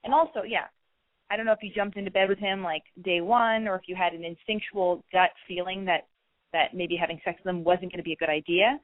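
A woman's voice: fairly low pitch, fairly even intonation, fairly quick, no room sound, narrow, tinny audio. Brash woman hosting a call-in advice show. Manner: brash, joking, acts out scenes. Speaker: radio advice host.

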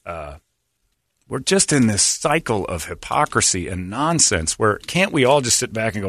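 A middle-aged radio host, a man with a lowish voice, rambles through blunt, sarcastic banter. The sound is dry and close, with no room around him. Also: big pitch swings, normal speed, a bit bright, no room sound. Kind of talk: casual talk radio banter.

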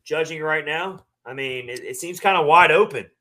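A man co-hosting a sports podcast, talking casually and at length with relaxed fillers. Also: a little high. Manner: relaxed, talkative, drawn-out fillers. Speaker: podcast co-host.

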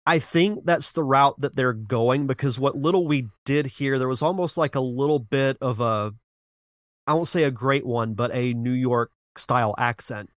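A man talking casually on a gaming podcast, thinking aloud with frequent restarts. His voice sits in a middle pitch and comes through a close mic with no room sound at all. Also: normal speed, fairly bright tone, no room sound. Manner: earnest, talks in restarts, reasoning aloud. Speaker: podcast co-host. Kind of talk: casual chat about games and movies.

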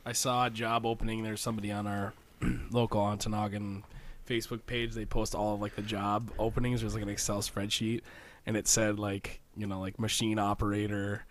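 A man co-hosting a podcast, chatting casually and quick to react to the others. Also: fairly low pitch, little pitch movement, slight background noise. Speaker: podcast co-host. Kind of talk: casual chat.

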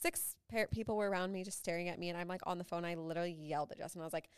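A young woman co-hosts a casual podcast, her voice smooth and clean. The sound is dry and close. She tells stories in a rambling, chatty way, full of "like" fillers. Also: fairly low pitch, steady tone, very fast, hardly any pauses, dry recording. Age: young adult. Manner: chatty, frequent "like" fillers, laughing asides. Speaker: podcast co-host. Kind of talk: casual chat.

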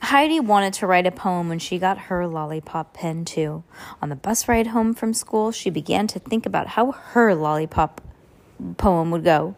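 A woman's voice: on the low side, expressive, moderate pace. Woman reading a children's book aloud. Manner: casual, chatty asides between narration. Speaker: reader.

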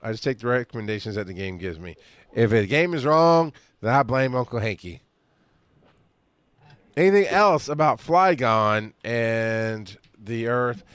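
A man's voice: mid-range voice, animated, measured pace, a bit bright, clean tone, no room sound. A man co-hosting a podcast in casual chat, joking and teasing, now and then slipping into put-on voices. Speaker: podcast co-host.

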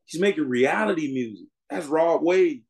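A man's voice: fairly high pitch, expressive, moderate pace, vocal fry, darkish tone. A man who grew up in Miami, speaking as the guest on a podcast interview in an emphatic, preaching way. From Miami, Florida. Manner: preachy, emphatic, addresses listener as bro. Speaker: music artist guest.

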